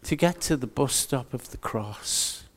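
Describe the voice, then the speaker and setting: Slow, earnest older preacher. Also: male voice, medium pitch, animated. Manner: earnest, slow and emphatic with repetitions. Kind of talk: sermon.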